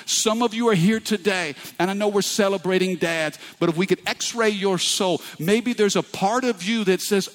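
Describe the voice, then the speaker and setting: A man's voice: high voice, moderate pace, few pauses. A middle-aged male pastor preaching a sermon with passion, often turning to the congregation with asides. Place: church sanctuary. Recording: echoey hall.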